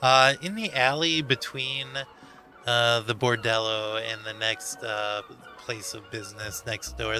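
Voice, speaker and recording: Bright-voiced man running a tabletop game. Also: medium pitch. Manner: filler-heavy, chuckling narration. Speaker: game master.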